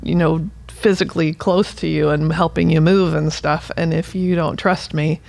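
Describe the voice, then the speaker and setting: Gravelly-voiced woman, earnest and expressive. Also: deep voice, normal speed. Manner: earnest, expressive, laughs easily. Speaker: physical therapist guest. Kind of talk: casual conversation.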